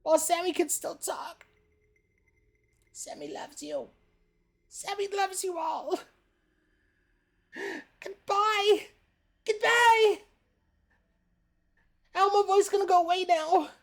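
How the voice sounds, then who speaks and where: A woman doing a pinched, strained falsetto impression of a furry red puppet monster who talks about himself in the third person, during gaming livestream commentary. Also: slow, pauses often, heavily acted. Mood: strained silly.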